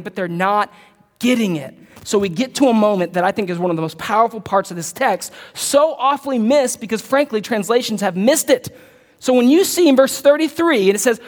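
A male pastor preaching an animated sermon, dropping to low murmurs and jumping to loud bursts. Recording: long reverb of a large hall.

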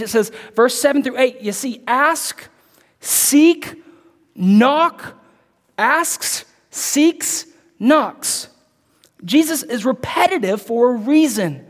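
A man preaching a sermon as pastor, emphatic and repetitive, swinging from loud, drawn-out lines to hushed, close asides. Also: very high-pitched. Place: church. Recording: church hall with long reverb.

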